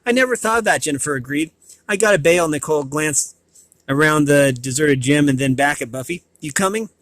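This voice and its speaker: A man reading a novel aloud, often stumbling and restarting words, with short asides to listeners, and a higher voice for quoted lines. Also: animated, a little fast, fairly bright tone, no room sound. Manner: raises pitch for quoted dialogue. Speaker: reader.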